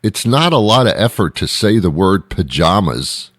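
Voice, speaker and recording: A man's voice: low-pitched, big pitch swings, moderate pace, fairly bright tone, dry recording, studio quality. A male show host giving a rambling, sarcastic comedic monologue with mock outrage. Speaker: radio host.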